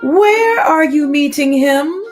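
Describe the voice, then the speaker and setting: A woman doing a high, hooting storybook owl. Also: lively intonation, slow, soft background music. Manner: hooting, flustered. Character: wise-looking nervous male owl.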